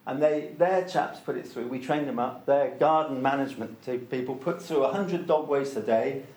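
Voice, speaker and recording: A man talks through anecdotes with firm emphasis, circling back to repeat his main points. His voice sits at an ordinary middle pitch. The room around him gives off a noticeable echo. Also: moderate pace, a little mellow. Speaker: interviewee, organic soil product promoter. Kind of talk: anecdotal storytelling in conversation.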